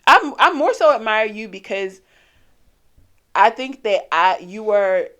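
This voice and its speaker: A young adult woman co-hosting a podcast in casual chat, animated, laughing often and acting out her friend's lines. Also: mid-range voice, slow. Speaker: podcast co-host.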